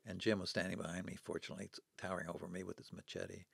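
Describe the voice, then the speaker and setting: Very fast and low, with little pitch movement, vocal fry, and a fairly bright, slightly rough quality, this man in his seventies tells stories as a podcast guest. He performs the voices of the people he quotes with real drama. The recording is dry.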